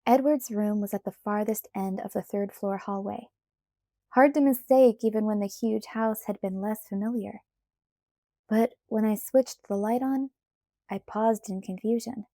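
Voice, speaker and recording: A woman reading a novel aloud in the first person, with measured, even storytelling on a close mic. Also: mid-range voice, no echo. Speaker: audiobook reader.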